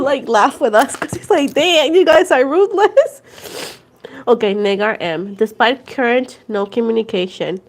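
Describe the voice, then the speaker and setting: A Puerto Rican woman in her twenties, chatting casually on a tarot livestream, switching between English and Spanish and laughing often. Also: mid-range voice. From Puerto Rico. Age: 20s. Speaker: tarot reader livestream host.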